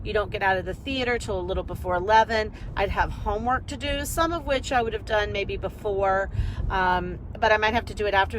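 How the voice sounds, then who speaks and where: A woman business coach chatting casually on a live video, rambling and energetic, talking into a phone while driving. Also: mid-range voice, slight background noise, rough recording.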